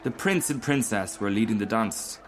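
A man reading a fairy tale aloud as narrator, in a measured, expressive storytelling manner. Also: on the low side, music in the background.

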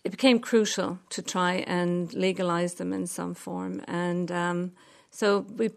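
An Irish woman being interviewed, answering in a measured, reflective way. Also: lowish voice, steady tone, vocal fry. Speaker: interview guest. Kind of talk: conversational interview.

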